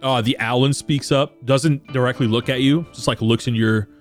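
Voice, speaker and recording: A man's voice: medium pitch, steady tone, normal speed, soft background music. A man narrating as game master of a tabletop game, loose and rambling, laughing often.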